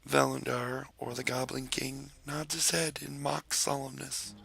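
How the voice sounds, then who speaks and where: A man reading out a fantasy role-play story in an unhurried, theatrical way. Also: medium pitch, monotone, vocal fry, pushed and bright.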